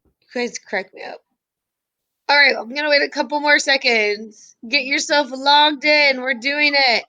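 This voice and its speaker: Woman teacher, high voice, slow unhurried delivery, reading quiz questions, chatty. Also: fairly even intonation, sharp tone, muffled recording. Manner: chatty, laughs easily, reads quiz questions aloud. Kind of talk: live online class quiz review.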